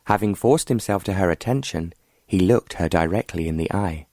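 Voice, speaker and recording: A man narrating an audiobook in a steady, even storytelling manner. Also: low voice, normal speed, no echo, clean studio sound. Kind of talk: scripted narration.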